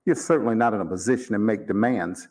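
A man reading aloud, voicing a calm, formal mortician who speaks with polite, amused menace. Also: on the low side, close to an everyday voice. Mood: cool menace. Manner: measured, formal, coolly amused. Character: calm, cold-blooded older male mortician, polite and menacing.

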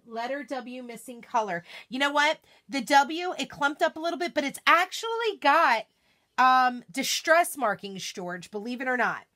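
A woman with a somewhat high voice talks her way through a live craft demo. She is bubbly and chatty, gushing one moment and muttering softly to herself the next as she concentrates on her work. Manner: bubbly, chatty, self-deprecating, often drops to a murmur while working. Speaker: craft livestream host.

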